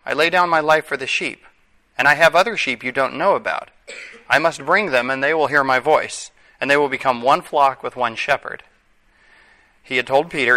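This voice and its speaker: A man's voice: medium pitch, bright, forceful tone, poor audio. A man, likely a father of young children, preaching a conversational sermon with wry asides and self-corrections.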